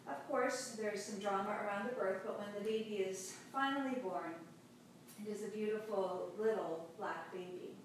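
A woman pastor giving a sermon, telling a story in a slow, measured way with long pauses. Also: mid-range voice. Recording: very echoey hall, distant mic, faint noise.

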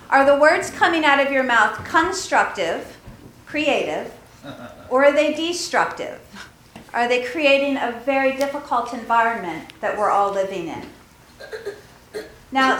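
High-voiced woman giving a children's sermon. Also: a little hiss or hum. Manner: asks questions, laughs easily, gentle teaching tone. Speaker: pastor giving a children's message. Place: large church sanctuary. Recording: echoey church hall.

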